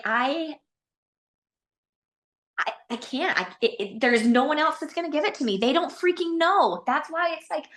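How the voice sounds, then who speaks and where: A woman in a coaching session, reflecting out loud on her feelings in a rambling, searching way. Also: high voice. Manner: reflective, rambling, thinks aloud with restarts. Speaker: coaching client.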